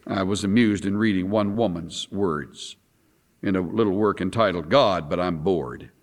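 A man preaching a sermon, reading scripture aloud and moving between loud emphasis and quiet asides. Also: low voice, normal speed.

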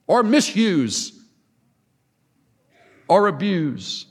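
Slow, emphatic preacher man in echoing hall. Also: on the high side, big pitch swings. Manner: emphatic, dramatic pauses and repetition. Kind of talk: sermon. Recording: long hall reverb.

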